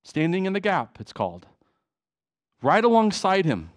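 A man's voice: high voice, wildly swooping pitch, normal speed. Impassioned man preaching a sermon. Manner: impassioned, emotional preaching with restarts. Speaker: pastor. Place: church hall.

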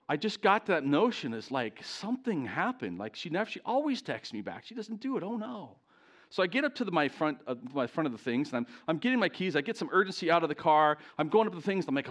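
With a high-pitched voice and a slightly fast pace, a middle-aged man preaches in church to a live congregation. He relates a personal story self-deprecatingly and animatedly, often turning to ask the listeners questions as he speaks directly to them in this storytelling sermon.

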